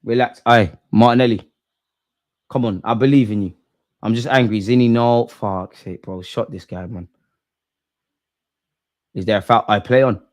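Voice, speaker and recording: A young man hosting a live football watch-along, animated and slangy, swinging from loud outbursts to low muttering. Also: moderate pace, long pauses.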